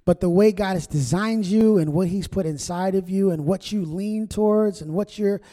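A man's voice: high voice, moderate pace, dark tone. A male pastor giving a conversational sermon with call-and-response to his congregation in a church. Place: church sanctuary. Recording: long church hall reverb.

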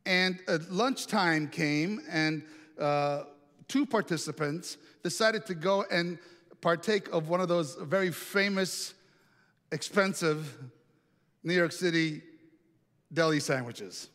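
Pastor with a high voice in a reverberant hall. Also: male voice, slow pace, a bit bright. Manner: conversational, asks the congregation questions. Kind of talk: storytelling sermon.

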